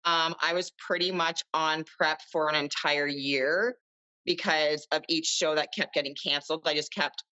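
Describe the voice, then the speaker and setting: A woman's voice: low-pitched, moderate pace, sharp tone, muffled recording. A woman in her thirties, a podcast guest chatting casually and rambling with lots of fillers. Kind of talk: casual chat.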